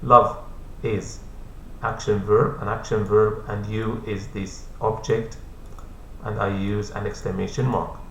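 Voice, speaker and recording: A man teaching an English grammar lesson, repeating each point slowly and patiently, speaking English as a second language with Arabic as his first. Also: on the low side, flat delivery, gravelly. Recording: echoey room, faint hum.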